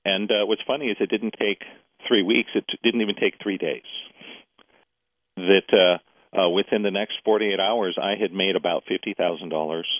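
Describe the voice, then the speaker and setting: Low-voiced man telling a story over a phone line. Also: moderate pace, dry recording. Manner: animated storyteller, quotes others in dialogue. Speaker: guest. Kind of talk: casual interview storytelling.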